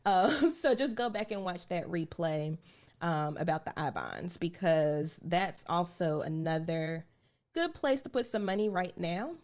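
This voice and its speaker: A woman's voice: fairly low pitch, sing-song, unhurried, a little mellow. A woman hosting a personal finance live stream, talking casually and earnestly to her viewers and repeating her points for emphasis. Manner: chatty, addresses viewers directly as "y'all". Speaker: personal finance show host.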